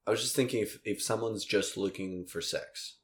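A young man hosting a casual podcast conversation, talking in a relaxed, rambling way with lots of fillers and restarts. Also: fairly low pitch, moderate pace. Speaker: podcast host.

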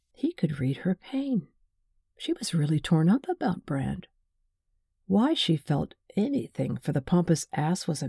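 A woman reads a novel aloud in an unhurried, wry way. Her voice is low, dark and gravelly, with a husky grain, and the recording is close and dry with no room sound. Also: no room sound. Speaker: audiobook narrator. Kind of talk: scripted narration.

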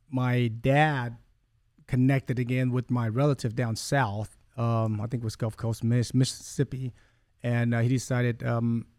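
A man's voice: mid-range voice, darkish tone, no echo. A man in his forties, a guest telling a personal story in a conversation, earnest and rambling, often correcting himself as he goes. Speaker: podcast guest.

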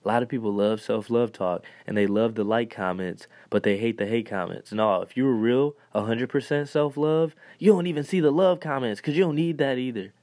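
Animated young man podcasting. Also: medium pitch, a little fast, few pauses, no room sound. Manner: animated, acts out quoted voices, laughs often. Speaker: podcast host. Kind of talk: casual motivational monologue.

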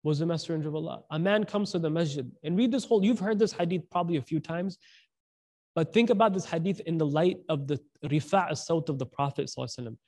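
A man's voice: a little high, quick pace, darkish tone. A man giving a conversational sermon, asking the audience questions and mixing in slang. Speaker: preacher.

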